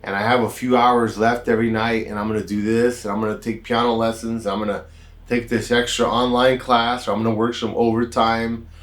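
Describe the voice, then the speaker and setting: A man's voice: mid-range voice, fairly quick. An American man, a doctor, telling a personal story in a casual, rambling way with plenty of asides. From United States. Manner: relaxed, rambling, with many "kinda" and "you know" asides. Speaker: doctor hosting a health channel.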